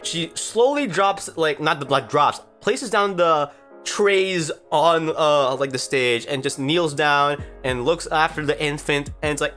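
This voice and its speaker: A woman's voice: low-pitched, expressive, a little slow, a bit bright, faint music behind. A woman telling a story in a casual vlog, rambling and swearing with exasperated outbursts. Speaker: storytime vlogger.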